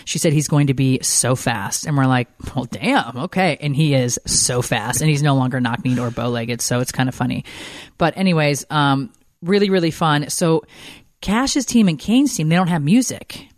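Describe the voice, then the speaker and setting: A woman's voice: sits low, normal speed, dry recording, studio quality. A middle-aged woman hosting a podcast, telling rambling stories in a chatty way with lots of fillers. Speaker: podcast host. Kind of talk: casual chat.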